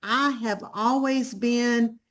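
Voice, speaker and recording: Southern woman, 50s, effusive guest speaker, pitch a bit high. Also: steady tone, takes it slowly, fairly bright tone. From Charlotte, North Carolina. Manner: effusive and exclamatory. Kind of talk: casual online presentation.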